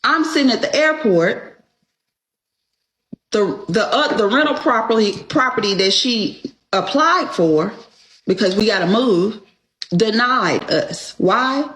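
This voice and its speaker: A woman's voice: a little high, expressive, slow pace, a bit bright. A woman telling her story on a show, emphatic and profane, often checking in with "okay?". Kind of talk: casual storytelling. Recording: echoey room.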